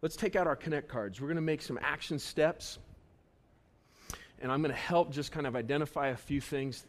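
A pastor preaching a sermon at a church service in a conversational way, his voice swinging between loud bursts and quiet, earnest asides. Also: on the high side, normal speed.

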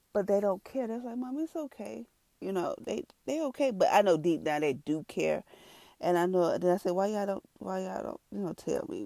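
A woman's voice: lowish voice, creaky, dry recording. A woman, a mother sharing an earnest personal testimony with viewers in a conversational, storytelling way. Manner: earnest, conversational, storytelling with lively quoted reactions.

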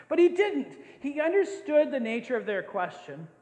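A man's voice: very high-pitched, very animated, slow pace, a little mellow. An older man preaching a sermon as a pastor, playful and often laughing as he acts out scenes. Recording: echoey hall with long reverb.

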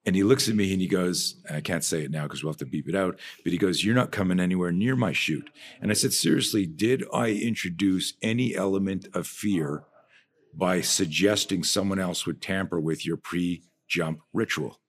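Deep, husky-voiced man telling stories. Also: moderate pace. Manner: animated storyteller, trails off and restarts sentences. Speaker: guest, fear-management and martial arts trainer. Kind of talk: conversational podcast storytelling.

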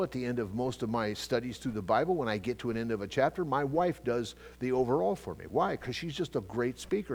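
The pastor, a middle-aged man with a medium-pitched voice, teaches his sermon conversationally. Loud bursts of emphasis give way to quiet asides, and he often starts over mid-thought.

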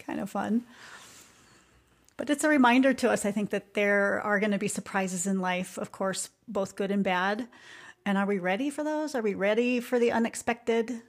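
A woman hosting a podcast, talking in an earnest, reflective way about music and life, with soft asides. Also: medium pitch, normal speed. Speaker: podcast host.

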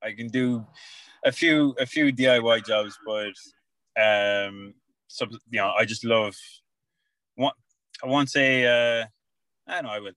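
A man's voice: medium pitch, takes it slowly, pauses often, fairly bright tone, dry recording, poor audio. An Irish man chatting as a podcast guest, self-mocking and chatty, often restarting his sentences. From Ireland. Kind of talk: casual chat.

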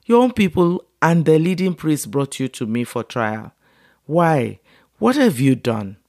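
A man's voice: on the high side, big pitch swings, measured pace, darkish tone, dry recording, clean studio sound, pitched above the performer's own voice. A man reading as a stern Roman governor. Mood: questioning. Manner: questioning, firm. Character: stern male Roman governor questioning a prisoner.

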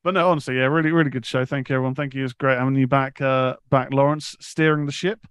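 Smooth-voiced co-host. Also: male voice, mid-range voice, steady tone, quick pace, fairly bright tone, no room sound. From United Kingdom. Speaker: podcast co-host. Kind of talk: casual chat.

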